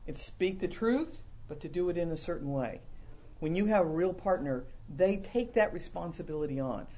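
A man's voice: animated, normal speed. Folksy, playful preacher man. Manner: folksy and humorous, acting out quoted lines, dropping soft and low for confessions. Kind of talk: conversational sermon.

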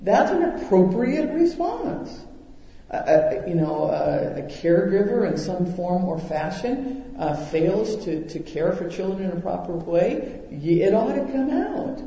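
A man preaches a sermon, telling stories animatedly and acting out the voices of the people in them. His high voice is gravelly and measured in pace. The sound is dull and lo-fi, echoing through a hall.

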